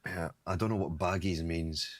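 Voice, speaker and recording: A man's voice: deep voice, fairly even intonation, moderate pace, dry recording. A man chatting casually on a podcast, joking and laughing. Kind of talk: casual chat.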